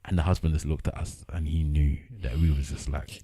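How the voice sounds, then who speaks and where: A man, a podcast co-host telling an animated story in casual chat. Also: extremely low pitch, fairly quick, slightly rough, no room sound. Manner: animated storyteller, acts out quoted voices.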